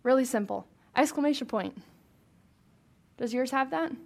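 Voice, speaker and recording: A woman's voice: sits high, moderate pace, creaky, a little mellow. A woman leading a Bible study for a small group, reading scripture aloud and chatting with questions to the room.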